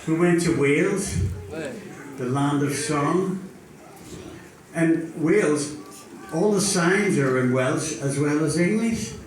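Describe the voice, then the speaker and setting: An older man performing a stand-up routine, telling stories with dry punchlines. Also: a little high. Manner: storytelling, unhurried with dry punchlines. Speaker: stand-up comedian. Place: live venue with audience. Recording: echoey hall, far from mic, faint noise.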